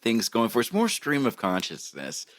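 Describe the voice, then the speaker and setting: A man's voice: medium pitch, wildly swooping pitch, moderate pace, fairly bright tone, no echo. A man co-hosting a movie podcast, chatting in an easygoing, agreeable way and laughing often. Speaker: podcast co-host. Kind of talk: casual chat.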